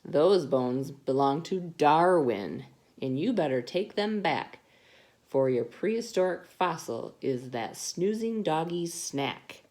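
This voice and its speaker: A woman's voice: deep voice, lively intonation, slow pace, darkish tone. A woman reading a storybook, voicing a firm mother cat who scolds her son. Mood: scolding. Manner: scolding, commanding.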